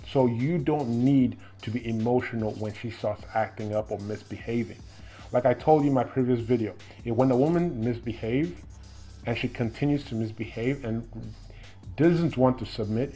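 A man's voice: mid-range voice, a little mellow. Firm man lecturing on dating. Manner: firm and instructive, with repeated "okay?" and "right?" tags. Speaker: dating advice vlogger. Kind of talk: direct-to-camera advice monologue.

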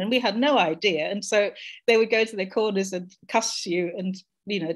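A middle-aged woman from Jamaica speaks over a video call as a discussion panelist. She talks in a reflective, searching way, at a middle pitch. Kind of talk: personal reflection in a group discussion.

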